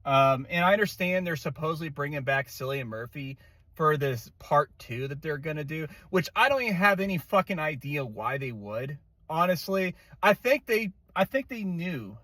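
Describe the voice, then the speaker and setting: A man's voice: a little high, bright, forceful tone, dry recording. A man giving an exasperated, profane movie rant, full of swearing, fillers and restarts. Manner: rambling with many fillers and restarts. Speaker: movie reviewer. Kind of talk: angry casual rant.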